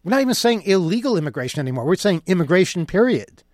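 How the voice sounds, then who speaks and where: A man's voice: high voice, big pitch swings, quick pace, hardly any pauses, darkish tone, no room sound, clean studio sound. A man delivering an opinion monologue in a sarcastic, mocking tone. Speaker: commentator.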